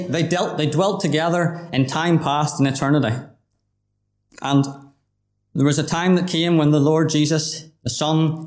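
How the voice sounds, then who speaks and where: An earnest male preacher delivering a gospel message, his voice a little higher than most men's. He presses his point on the listener directly, and the room around him rings with echo. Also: darkish tone. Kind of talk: gospel sermon. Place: gospel hall. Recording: roomy hall echo.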